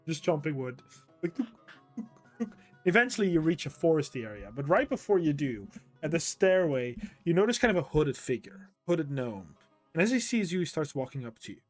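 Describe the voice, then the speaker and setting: A young man narrating as game master, animated, full of fillers and laughter. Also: on the high side, normal speed, soft background music.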